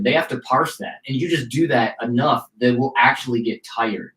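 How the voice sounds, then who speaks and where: A man's voice: mid-range voice, normal speed, hardly any pauses. A man from Detroit and a podcast host, telling a story casually and acting out the voices of the people he quotes. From United States (Detroit). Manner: animated, acts out quoted voices, many "like" fillers. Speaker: podcast host, guest on a show. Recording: roomy echo.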